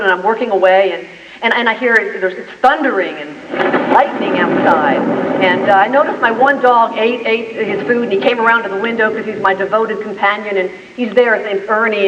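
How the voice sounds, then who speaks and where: A woman business owner with a mid-range voice gives an inspirational speech, vividly acting out scenes as she tells stories. She's heard from a distance in an echoey meeting hall, and the sound is dull with a noisy background.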